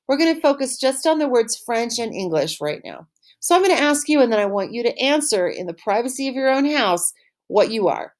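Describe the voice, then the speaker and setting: Woman teacher doing an online french lesson, highish voice that bounces around a lot, says words slow so you can repeat. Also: sing-song. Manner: models words slowly for pupils to repeat; encouraging, upbeat praise. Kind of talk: recorded online language lesson.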